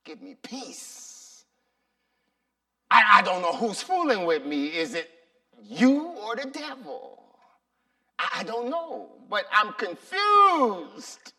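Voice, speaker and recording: This is an eccentric preacher torn apart by rage and grief, acted out by a man, alternately shouting and pleading in a high, wildly swinging voice. He cries out his prayer in broken, repeated phrases. The voice sounds a little distant from the mic. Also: big pitch swings, slow, heavily acted. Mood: anguished shouting. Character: anguished eccentric male preacher praying in rage.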